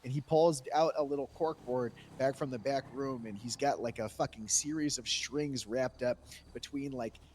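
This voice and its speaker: A man's voice: medium pitch, moderate pace, darkish tone, slight background noise. A man telling a rambling, profane tall tale in character during a role-play game. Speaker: role-playing police character.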